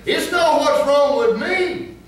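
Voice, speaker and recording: A man pastor preaching a sermon, telling funny stories and then breaking into emphatic, shouted points. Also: very high-pitched, slow pace. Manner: humorous storytelling that rises into emphatic preaching. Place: church sanctuary. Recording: echoey church from far off.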